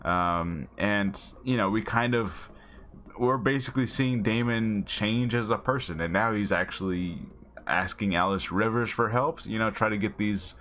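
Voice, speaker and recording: A man's voice: fairly low pitch, measured pace, fairly bright tone. A young man giving a casual, rambling recap of a TV episode, full of fillers and chuckling asides. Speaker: TV show reviewer.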